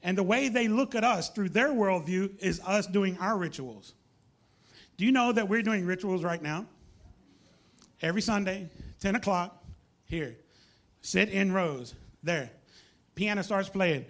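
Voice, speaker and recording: Guy preaching, high-pitched, acts out the dialogue as he goes. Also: measured pace, long pauses. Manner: animated storytelling, acts out dialogue. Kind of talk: sermon.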